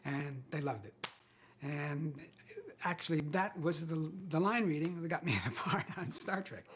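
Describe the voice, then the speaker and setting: A man's voice: a little high, unhurried, fairly bright tone, husky. An older man, an actor guest in an interview, telling self-deprecating anecdotes with hesitant restarts.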